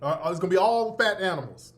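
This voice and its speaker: A brash, sarcastic man hosting a talk-radio show, with a fairly high speaking voice. He talks in loose slang and hammers his points by repeating them. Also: expressive, quick pace, fairly bright tone. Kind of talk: opinionated talk-radio commentary.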